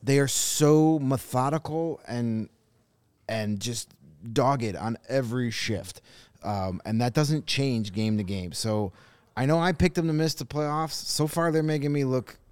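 A man's voice: mid-range voice, unhurried, darkish tone, smooth, no echo. A man co-hosting a casual sports podcast, talking through teams with frequent restarts and fillers. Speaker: podcast co-host.

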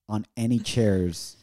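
Man, podcast co-host, animated storyteller, acts out quotes, mellow tone. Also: lowish voice. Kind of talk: casual storytelling chat.

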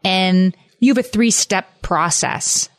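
A woman's voice: medium pitch, slow pace, dry recording, clean studio sound. A woman hosting an interview, summing up points and asking thoughtful follow-up questions. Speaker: interview host. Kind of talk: conversational interview.

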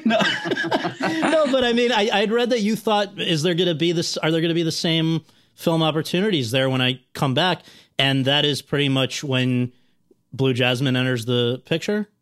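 A man's voice: fairly high pitch, moderate pace, a bit bright. A man hosting an interview, asking long, searching questions with hesitant fillers. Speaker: interview host.

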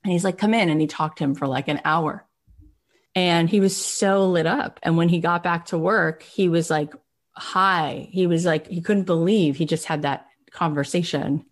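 A woman podcast host telling a story in a casual, animated way, full of "like" fillers and lively acted-out quotes. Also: fairly low pitch, normal speed. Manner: animated, chatty, many "like" fillers.

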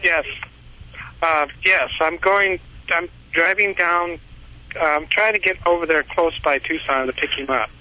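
A man's voice: a little high, measured pace, bright, forceful tone, no room sound. A man calling in to a radio show, rambling through a story, repeating himself and chuckling often. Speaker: caller. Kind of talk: call-in storytelling. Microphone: phone line. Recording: muffled phone call with faint hiss.

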